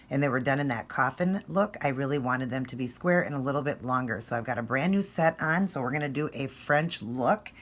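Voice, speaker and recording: A woman talking casually through a nail art tutorial, friendly and explaining each step. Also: low-pitched.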